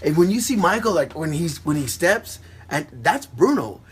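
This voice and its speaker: Animated middle-aged man telling stories. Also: fairly high pitch, normal speed, husky. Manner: animated, excited retelling with quoted voices. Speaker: dancer. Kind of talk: casual storytelling.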